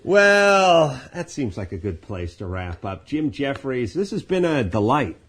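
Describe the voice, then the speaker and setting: A man's voice: mid-range voice, very animated, a bit bright, husky. Riffing male podcast host. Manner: quick riffing banter with many "right"s. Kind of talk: casual podcast chat.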